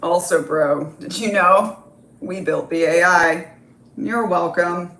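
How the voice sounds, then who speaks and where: A woman's voice: on the low side, slow, a bit bright, reverberant. A woman voicing a smug young gym-bro man who talks in a cocky, know-it-all way.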